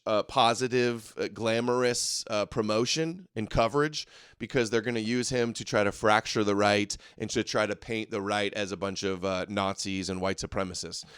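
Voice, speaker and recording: A man's voice: fairly low pitch, smooth, no echo, clean studio sound. A man hosting a live political commentary show, talking in a combative, mocking way and arguing with viewers in the chat. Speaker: host.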